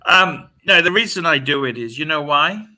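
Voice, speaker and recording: Profane, rambling man with a bright voice. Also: on the high side, lively intonation, normal speed. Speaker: livestream host. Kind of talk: casual livestream chat.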